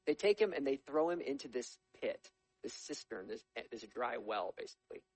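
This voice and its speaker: A man preaching a sermon as a lively storyteller, with humorous asides. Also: medium pitch, normal speed, husky, low-quality recording. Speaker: pastor.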